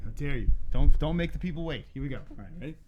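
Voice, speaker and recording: A man's voice: on the high side, expressive, very fast, mellow, a little hiss or hum. A man co-hosting a live-stream news show, joking crudely and out of breath. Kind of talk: casual live-stream banter.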